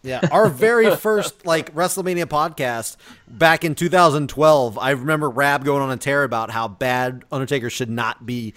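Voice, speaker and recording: A man's voice: mid-range voice, normal speed, a bit bright. A man hosting a casual podcast, steering the talk and asking the others questions. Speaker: podcast host. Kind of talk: casual chat.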